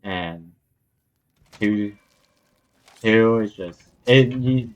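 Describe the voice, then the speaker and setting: Young male co-host, low pitch, hushed and casual, slang-heavy. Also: very slow, muffled recording. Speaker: podcast co-host. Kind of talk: casual chat.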